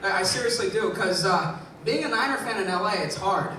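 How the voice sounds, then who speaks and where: A man's voice: sits high, lively intonation, brisk. A man from the Bay Area doing a stand-up comedy set, telling stories, acting out the quotes and often laughing. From Bay Area, California. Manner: storytelling with acted-out quotes and frequent laughs. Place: large venue with a live audience. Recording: echoey, distant, noisy live recording.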